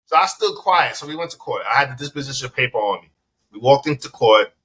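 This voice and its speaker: A man recounts a story in a relaxed interview, his voice bright and forceful at a middling pitch. He plays every part of each exchange himself and swears without holding back. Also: fast talker, slightly rough. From the Bronx, New York. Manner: animated storyteller who acts out both sides of a dialogue, swears freely. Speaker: dispensary owner, podcast guest.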